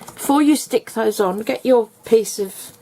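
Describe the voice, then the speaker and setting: Chatty woman with a gravelly voice. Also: on the high side, unhurried, warm tone. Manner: chatty, rambling, step-by-step explaining. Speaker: craft tutor. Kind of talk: casual craft tutorial.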